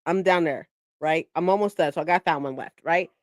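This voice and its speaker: A woman's voice: low voice, brisk, dry recording, clean studio sound. A woman chatting casually on a live book stream, repeating herself and swearing freely.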